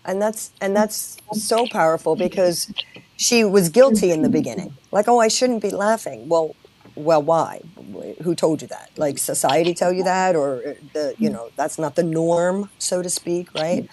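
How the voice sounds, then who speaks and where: A woman's voice: fairly low pitch, normal speed, dark tone, slight background noise. A woman guest in an interview, speaking earnestly and with conviction in a casual conversation.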